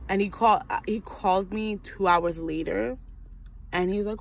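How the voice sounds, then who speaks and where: A young woman venting in a casual storytime vlog, profane and animated, acting out the voices of the people in her story. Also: mid-range voice, normal speed. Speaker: vlogger.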